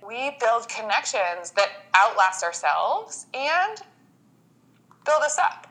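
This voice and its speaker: A woman talking as a podcast guest with a bright, forward tone. She tells her story with feeling and slips into acted-out quotes of herself and others. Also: medium pitch, very animated, slow pace, poor audio. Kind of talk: casual interview chat.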